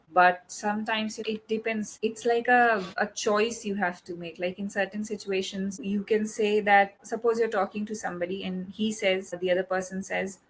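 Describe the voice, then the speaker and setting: A woman tutor walks a learner through English grammar in a calm, patient way. She slows down to spell out her example sentences one by one. A faint noise sits behind her voice. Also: mid-range voice, poor audio. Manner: patient, explains slowly with examples. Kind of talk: one-on-one online English lesson.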